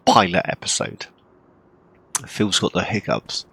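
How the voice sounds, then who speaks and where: A man casually commenting on his farming game, rambling with lots of ums and throat-clearing, hiccuping and coughing now and then. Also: low voice, takes it slowly, a bit bright, dry recording. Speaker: farming game role-play channel host.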